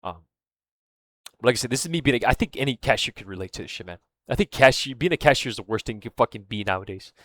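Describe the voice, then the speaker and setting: A man's voice: mid-range voice, no room sound, clean studio sound. A man telling a story in a casual, rambling monologue, swearing often and losing his thread, with fillers like "right?" and "man". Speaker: vlogger.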